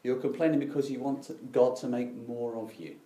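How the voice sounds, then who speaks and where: A man's voice: medium pitch, fairly even intonation, brisk, warm tone, reverberant. A middle-aged man preaching a sermon, telling stories with dry, self-deprecating irony.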